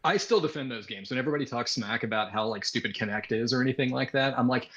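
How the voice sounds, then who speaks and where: A man hosting a live game news stream, joking around in a playful, animated way. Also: medium pitch, quick pace, highs cut off, slight background noise. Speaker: podcast host. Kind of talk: casual live stream chat.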